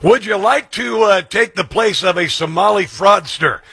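Sarcastic bright-voiced male talk host. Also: sits high, normal speed, creaky, slightly rough, dry recording. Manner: sarcastic, repeats the clip's lines back. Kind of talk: political talk commentary.

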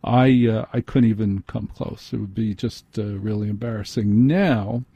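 A man's voice: on the low side, normal speed, vocal fry, husky, no echo, lo-fi sound. A man hosting a radio talk show, rambling wryly and stumbling over names in a casual monologue.

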